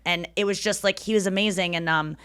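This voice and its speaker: A woman's voice: mid-range voice, fairly even intonation, brisk, a bit bright, smooth, no echo. A woman hosting a podcast, telling crude, playful stories in casual chat. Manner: candid, crude, playful storytelling. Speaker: podcast host.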